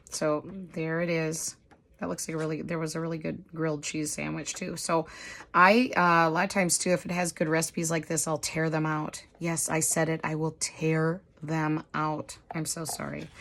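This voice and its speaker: A woman with a hoarse voice, chatting casually through a craft haul in a rambling, apologetic, self-deprecating way. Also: low voice, fairly bright tone, slight background noise. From United States. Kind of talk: casual chatty show-and-tell.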